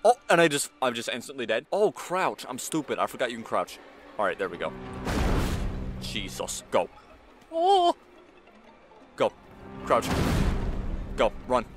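Male let's-play host, middle pitch, game music underneath; easily spooked and chatty. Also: lively intonation, moderate pace, pauses often, fairly bright tone. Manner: jumpy, talks to the screen, frequent frightened yelps; casual slang, says "bro" and "y'all". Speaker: gaming channel host.

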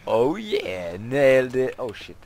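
A young man, commenting on his own video game play, who gets excitable and yelps and shrieks when startled. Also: medium pitch, slow, creaky. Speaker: gaming YouTuber.

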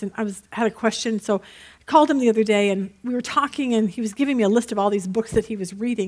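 A woman teaching a Bible study in a conversational way, telling stories and checking in with her listeners. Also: on the high side. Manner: chatty, checks in with listeners with "okay?"; lively storyteller.

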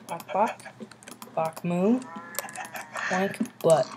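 A woman chatting casually while building in a game, playful and silly, rambling to herself and sometimes dropping into soft murmurs. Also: lowish voice, extremely slow, noisy background. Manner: drops into soft murmurs and whispers. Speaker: Minecraft builder. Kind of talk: casual gameplay commentary. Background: background music and keyboard clicks.

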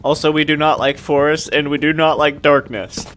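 A man's voice: on the high side, steady tone, normal speed, fairly bright tone, slight background noise. A young man commentating his own horror gameplay, jumpy and swearing, with panicky outbursts. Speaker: gaming youtuber.

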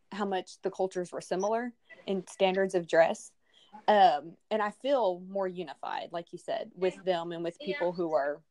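A woman's voice: fairly low pitch, a little mellow. A married woman from Texas with a Southern Texas accent, chatting as a podcast guest and hesitating often with ums and restarts. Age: adult, married. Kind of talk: casual interview conversation.

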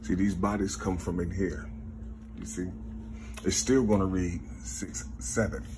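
A man's voice: little pitch movement, noisy background. A man, rambling through a spiritual numerology monologue, counting numbers half-aloud and repeating "you see". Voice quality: very husky, slow, low-key. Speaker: self-taught numerology teacher.

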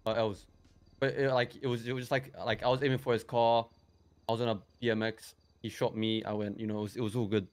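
In an in-character roleplay, a young man quickly relates what happened in a level, medium-pitched voice. He rambles and stumbles, restarting frequently and using many fillers.

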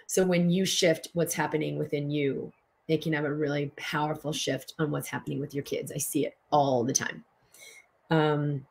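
A woman's voice: low voice, gravelly, fairly bright tone. A middle-aged woman hosting a live-stream talk, teaching with earnest emphasis and answering viewer questions. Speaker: host and physician teaching tapping.

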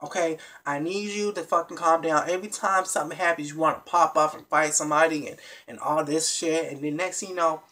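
A vlogger recapping a reality TV episode in a casual, animated and blunt way, with plenty of swearing, talking straight to the viewers. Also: mid-range voice, a little fast, hardly any pauses. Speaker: TV show reviewer.

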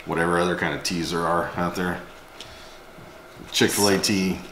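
A man's voice: low voice, fairly even intonation, moderate pace. A man co-hosting a casual on-camera chat, making short teasing, dry remarks. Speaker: co-host and partner of the host. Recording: roomy echo with clear background noise.

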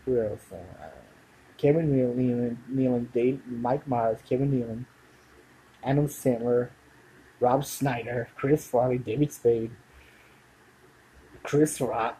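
A man's voice: medium pitch, takes it slowly, long pauses, warm tone, husky, rough recording. A man in his thirties talking casually to camera, rambling and forgetful, often trailing off and starting over. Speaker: video blogger.

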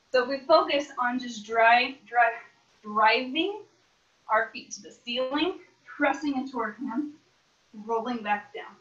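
Dance teacher, woman, bright higher voice, counts beats, echoey room, dull lo-fi video-call sound. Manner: counts out beats, upbeat coaching. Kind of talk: online dance class instruction.

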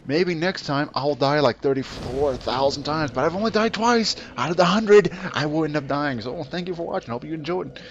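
A man hosting a let's play, giving excitable, taunting, profane gameplay commentary. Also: a little high, normal speed, hardly any pauses, highs cut off, slight background noise.

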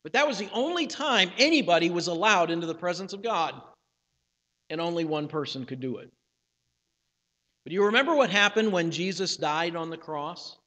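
A man preaching a sermon as pastor, measured, slowing down for emphatic phrases, with some restarts and fillers. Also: high voice, lively intonation, sharp tone. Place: church sanctuary. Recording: church hall with long reverb.

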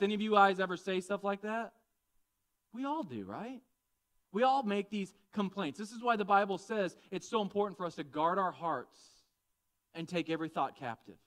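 A man preaching a conversational, animated sermon, often asking the congregation questions. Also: high-pitched. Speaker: pastor.

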